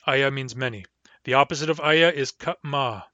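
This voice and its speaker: Carefully repeating each word and explaining its pronunciation, a male language teacher gives a recorded lesson in a mid-range, sharp-toned voice. He spells out and repeats words slowly and measuredly, and the recording is muffled with no echo.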